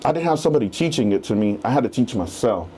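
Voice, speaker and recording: A real estate agent in his thirties tells his story as a podcast guest, speaking very fast in a slightly rough, mid-range voice. He's casual and animated, acting out the quotes as he goes.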